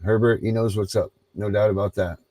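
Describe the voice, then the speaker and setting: Man, livestream host, casual rambling chat, lowish voice, dry sound. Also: steady tone, brisk, mellow, no echo, poor audio. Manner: loose, rambling, with frequent ums.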